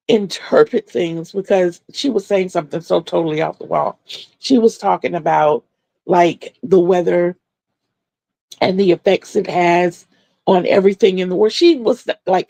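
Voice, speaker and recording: A woman's voice: on the low side, moderate pace, gravelly, dark tone, no room sound. A middle-aged woman hosting a crochet livestream, telling stories in a chatty way and answering viewers' comments.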